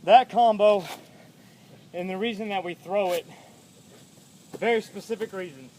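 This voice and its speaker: A boxing coach, a man with a fairly high voice, talks through combos in plain coaching talk, calling out the numbers for each punch. He is out of breath from throwing shots as he explains. He is recorded outdoors on a phone camera, with faint outdoor noise behind him. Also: unhurried, a little mellow. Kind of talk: instructional demo of combos.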